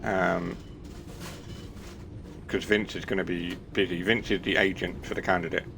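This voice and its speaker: A chatty man talking loosely through a live stream, wandering from topic to topic with a self-deprecating edge. His voice sits somewhat low. A faint background hum runs under his talk. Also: level tone, normal speed, gravelly. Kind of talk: casual live-stream chat.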